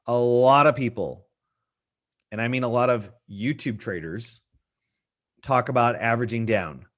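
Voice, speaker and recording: A man's voice: mid-range voice, a little slow, a bit bright. A middle-aged man hosting a live trading stream, talking casually, answering viewers' questions and repeating key points for emphasis. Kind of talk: live market analysis stream.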